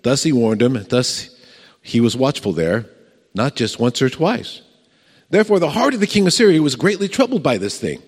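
A man preaching a sermon, telling a story with lively acted-out voices and chuckles and putting questions to the congregation. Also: mid-range voice, normal speed, husky. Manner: animated storytelling, acts out voices, chuckles, asks the crowd questions. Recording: long reverb of a large hall.

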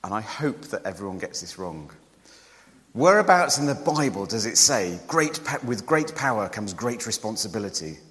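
Preacher with a lively, swooping voice. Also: male voice, moderate pace, in a large hall. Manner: conversational and joking, with lively rises in pitch. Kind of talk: sermon.

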